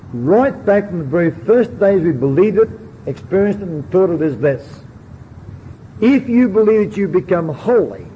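In a mellow, high voice, a preacher delivers his sermon and puts earnest questions straight to the people listening. Faint hiss runs through the dull, lo-fi recording.

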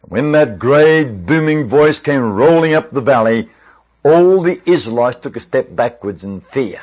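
A man telling a Bible story in an expressive way, with varied pacing and asides to the listener. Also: mid-range voice, measured pace, highs cut off.

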